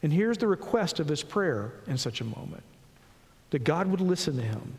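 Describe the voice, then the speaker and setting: Male preacher, sermon, earnest, slow scripture reading, high voice, long hall echo. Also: sing-song. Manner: earnest, slows and rises on scripture, drops low and soft on pauses.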